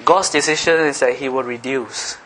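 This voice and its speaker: Animated middle-aged male preacher, bright voice. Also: mid-range voice, normal speed, a little hiss or hum. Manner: animated preaching, swinging between loud emphatic passages and soft asides. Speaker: pastor. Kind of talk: sermon.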